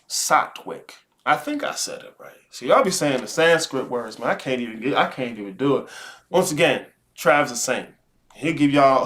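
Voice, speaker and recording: A man hosting a live stream, talking casually and profanely, swinging between low musing and loud preachy rants. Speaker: live show host.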